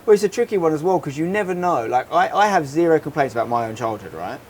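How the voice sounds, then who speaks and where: A man in his thirties, co-hosting a casual podcast and telling a story in an animated, rambling way. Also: a little high, quick pace, slight background noise. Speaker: podcast co-host. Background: faint outdoor holiday ambience.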